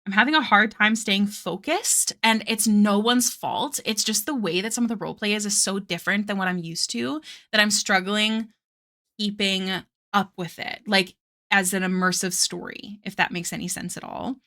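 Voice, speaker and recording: A woman's voice: mid-range voice, normal speed, bright, forceful tone. A woman art streamer chatting casually with her viewers, rambling with lots of fillers and little giggles. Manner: chats with live viewers between tangents. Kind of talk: casual chat while drawing.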